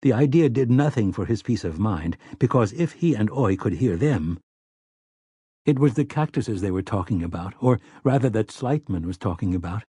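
Man, audiobook narration, measured, husky, dry. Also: on the low side, lively intonation, warm tone, no room sound. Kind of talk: scripted narration.

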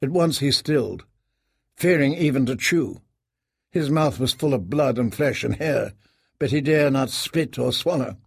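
Male audiobook narrator, measured and grave, dry close recording. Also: medium pitch, lively intonation, creaky, breathy edge, no echo.

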